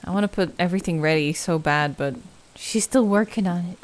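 A woman's voice: on the low side, brisk, a little hiss or hum. A woman giving casual gameplay commentary, chatting to herself, humming and giggling as she plays. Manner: chatty, muses aloud, giggles and hums while playing. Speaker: gaming video creator.

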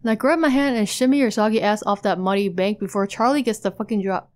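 A brash teenage boy from a webcomic spins crude, rambling boasts in a chat log. A woman reads him aloud in a flat, plain delivery, with little change from her own voice. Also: mid-range voice, quick pace, natural voice. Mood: boastful. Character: cocky teen boy rapping in chat.

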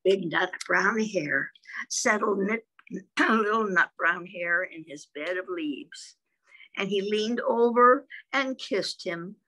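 A woman's voice: medium pitch, slow pace, pushed and bright, poor audio. A woman reading a picture book aloud to small children, chatty and asking them little questions. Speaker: storybook reader for children.

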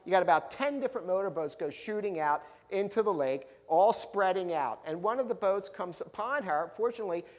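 A man giving a storytelling history talk to a live audience, animated, acting out the people in his stories. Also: sits high, brisk, few pauses. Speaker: professional speaker, local historian. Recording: long reverb of a large hall.

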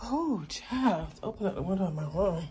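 Young woman vlogger, blunt and foul-mouthed, chatty, on a phone mic with loud traffic noise. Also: medium pitch, expressive, normal speed, poor audio. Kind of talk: casual vlog chat. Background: passing cars.

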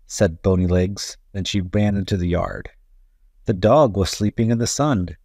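A man reads a children's storybook aloud in a low, gentle voice, taking his time over every line. His voice sounds close and dry, with soft music beneath. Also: dry recording. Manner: slow, gentle, deliberate. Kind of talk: children's read-aloud narration.

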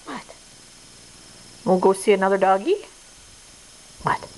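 A woman's voice: mid-range voice, lively intonation, slow, darkish tone, rough recording. A woman at home coaxing her dog in sing-song baby talk, over faint background noise. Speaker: dog owner. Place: home indoors.

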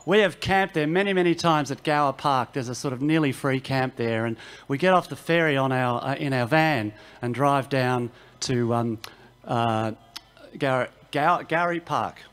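A man's voice: mid-range voice, normal speed. An Australian man, a singer-songwriter, telling wry, self-mocking stories between songs on a festival stage. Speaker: singer-songwriter performing live. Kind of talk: joking between-song stage patter. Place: outdoor music festival stage. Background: loud acoustic guitar.

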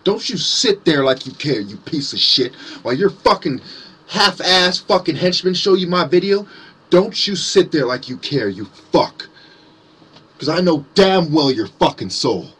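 Man, profane sarcastic rant, husky voice, a bit high-pitched. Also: animated, measured pace, a bit bright. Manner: sarcastic, swearing, mocking mimicry. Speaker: conspiracy vlogger. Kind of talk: angry profane rant to camera.

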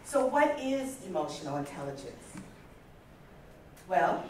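A woman in her fifties giving a motivational talk at a conference, telling stories in a lively way and acting out the voices she quotes. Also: medium pitch, slight background noise. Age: 50s. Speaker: conference speaker. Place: large conference hall. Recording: echoey hall from far off.

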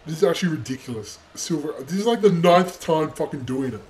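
Exasperated swearing young man, higher voice. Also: moderate pace, few pauses. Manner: exasperated, swears constantly, yelling insults at himself. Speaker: gaming video creator. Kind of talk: gameplay commentary over recorded footage.

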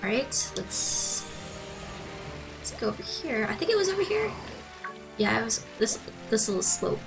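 A woman's voice: on the high side, big pitch swings, a little slow, gravelly, over music, low-quality recording. A woman streaming a video game live, chatting with viewers in a bubbly, gushing way, giggling and thanking them. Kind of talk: live gaming stream commentary.

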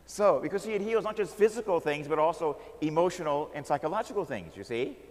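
An American man, a Catholic priest, telling stories in an animated sermon and calling out "Amen?" to the crowd. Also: on the high side, brisk, big-room sound. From United States. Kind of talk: storytelling sermon.

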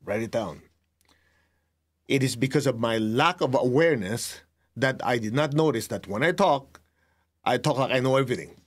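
A middle-aged man giving a spiritual lesson as a meditation teacher, talking deliberately and telling students to write points down. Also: medium pitch. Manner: slow, deliberate, tells students to write things down; laughs at himself, acts out remembered exchanges.

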